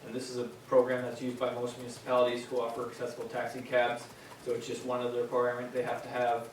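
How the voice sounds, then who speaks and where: A man on municipal staff explaining a bylaw at a council meeting, with frequent pauses and fillers. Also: mid-range voice, monotone. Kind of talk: formal meeting presentation. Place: council chamber. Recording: echoey chamber, distant mic, faint noise.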